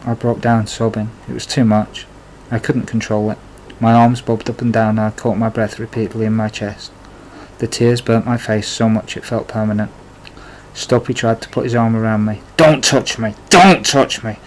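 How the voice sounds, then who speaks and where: A man's voice: on the low side, monotone, normal speed, a little mellow, a little hiss or hum, low-quality recording. A man narrating his own life story in a plain, confessional way, with blunt swearing. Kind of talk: memoir storytelling.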